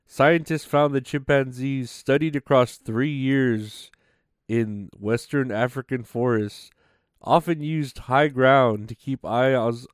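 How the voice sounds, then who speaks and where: A man riffs loosely on a comedy podcast, cursing and trailing off with fillers. His voice is smooth and clear. It sounds dry and close, with no room echo. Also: medium pitch. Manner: rambling, profane, full of fillers. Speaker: podcast host. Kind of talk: casual comedy podcast monologue.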